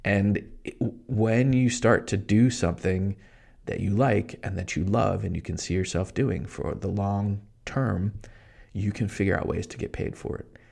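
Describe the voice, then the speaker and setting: Excited low gravelly podcast host. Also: male voice. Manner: excited, fast-talking, emphatic, direct address. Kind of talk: solo motivational podcast monologue.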